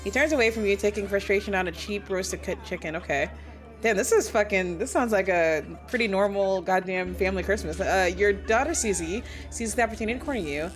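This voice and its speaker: A young woman streaming a game, reading its text aloud and bursting into loud, cursing, indignant rants. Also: medium pitch, brisk, soft background music. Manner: swears a lot, laughs mid-sentence. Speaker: VTuber streamer. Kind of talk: casual gameplay commentary.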